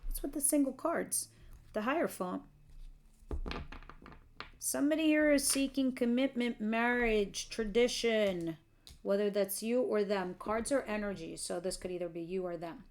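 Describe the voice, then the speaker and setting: A woman talks through a tarot reading in a relaxed, chatty way. She is candid and quick to laugh, and she drops in the occasional casual curse. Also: medium pitch. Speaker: tarot reader.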